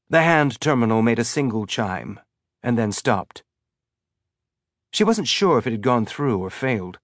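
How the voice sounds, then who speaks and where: A man reading an audiobook narration in a steady, even voice. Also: medium pitch, a little slow, pauses often, no room sound, studio quality.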